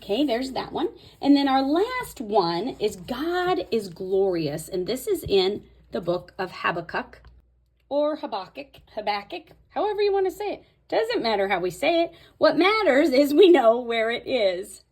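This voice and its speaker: A woman's voice: sits high, sing-song, moderate pace, hardly any pauses, darkish tone. A woman host talking casually through a Bible tabbing tutorial, thinking aloud as she marks pages. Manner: chatty, thinking aloud while marking her Bible. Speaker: Bible study video host.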